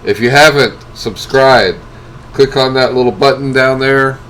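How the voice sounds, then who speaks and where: A man co-hosting a live stream, wrapping up the show in a halting way with many fillers. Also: medium pitch, fairly bright tone, a little hiss or hum. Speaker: co-host. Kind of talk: show sign-off.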